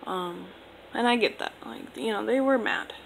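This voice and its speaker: Vocal-fry young woman rambling casually. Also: medium pitch, moderate pace, a little hiss or hum, rough recording. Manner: rambling, filler-heavy, laid-back. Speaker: vlogger. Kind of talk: casual storytime monologue.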